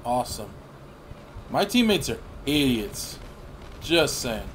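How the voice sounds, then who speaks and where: A man in his thirties giving rambling, profane gameplay commentary with sudden excited outbursts. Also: medium pitch, slow pace, slight background noise. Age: 30s. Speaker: gaming channel host.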